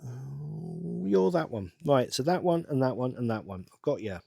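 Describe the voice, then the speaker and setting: A middle-aged man chats away to himself as he works at a table, rambling with sudden bursts of excitement. His voice sits at an ordinary middle pitch. The recording is dry and close, with no room sound. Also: brisk, gravelly, no room sound. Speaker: channel host. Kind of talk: casual build-along chat.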